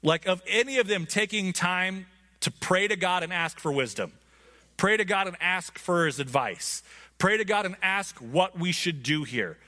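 Man, bright voice, casual Bible lesson, conversational, checks in with listeners. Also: high voice, expressive, moderate pace. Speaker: Bible teacher.

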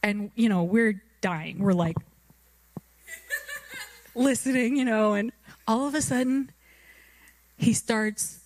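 A woman's voice: fairly high pitch, takes it slowly, long pauses, darkish tone, no room sound. Laughing chatty woman preacher, dry sound. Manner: chatty storytelling, laughs often. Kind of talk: anecdote in a sermon.

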